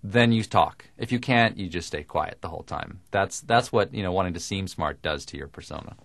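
A middle-aged man from the American South with no Southern accent, talking in a dry, deliberate way with crisp diction in an interview. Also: low-pitched, a bit bright, dry recording. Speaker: comedian guest. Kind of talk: radio interview conversation.

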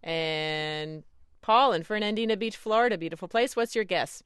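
A woman hosting a radio call-in show, brisk and friendly as she moves through callers. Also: mid-range voice, smooth, no room sound, studio quality.

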